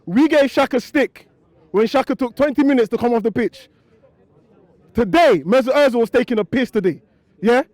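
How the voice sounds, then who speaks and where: A man's voice: very high voice, moderate pace, long pauses, a little mellow, no echo. A man, a football fan, bluntly criticising players to camera. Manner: blunt, cutting, dismissive. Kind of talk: angry fan rant to camera.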